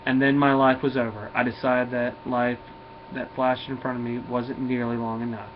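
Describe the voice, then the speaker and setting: A man's voice: medium pitch, flat delivery, normal speed, natural voice. A man reading as a cocky teen boy superhero. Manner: eager, cocky chatter. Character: brash teenage boy superhero, cocky and excitable. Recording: dull lo-fi recording, faint hiss.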